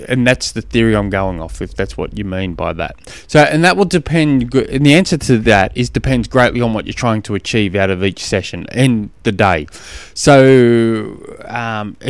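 Australian man, podcast host, casual rambling chat, smooth clear voice, dry close mic. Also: lowish voice, dry recording. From Tasmania. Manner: rambling, frank, exasperated storytelling with frequent restarts. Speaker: podcast host and triathlon coach. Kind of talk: casual solo podcast monologue.

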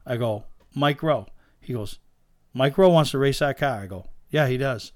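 A man, a guest telling lively stories about owning race cars in a casual chat, acting out the voices of the people in them. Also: medium pitch, normal speed, no room sound, studio quality. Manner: animated anecdote teller, acts out quoted dialogue. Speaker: guest, race car owner. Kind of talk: casual storytelling in a podcast chat.

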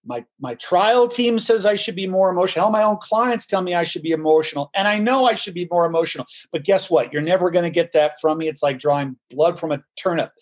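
Man acting a stubborn trial lawyer, complaining and raised in pitch. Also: fast, hardly any pauses. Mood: defensive. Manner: insistent, complaining.

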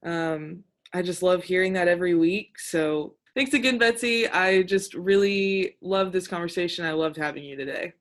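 A woman's voice: fairly low pitch, normal speed, hardly any pauses. Gushing woman hosting. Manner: gushing, warm thanks with fillers. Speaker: podcast host. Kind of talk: casual chat.

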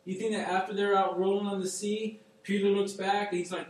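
A man preaching a casual sermon, telling stories and quoting figures in a relaxed, slangy, conversational way. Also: sits high, quick pace, hardly any pauses. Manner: animated, conversational, slangy storytelling with quoted voices. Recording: echoey room from far off, faint noise.

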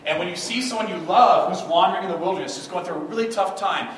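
A man's voice: sits high, fast, few pauses, fairly bright tone. A man preaching a conversational sermon as a pastor, often checking in with the listeners. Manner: conversational, asks the listeners "right?". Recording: far from mic in an echoey hall, noisy.

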